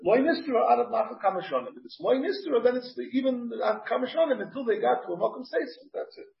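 A male rabbi teaching a Talmud class, explaining in halting phrases with many restarts and Hebrew terms. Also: very high-pitched, animated, vocal fry. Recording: roomy, distant, muffled class recording.

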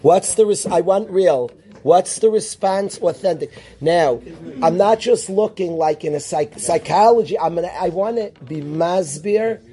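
Animated man teaching a class. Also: high voice, measured pace. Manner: animated, calls on students by name; mixes Hebrew and Yiddish terms into English. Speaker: yeshiva teacher. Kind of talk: classroom lecture.

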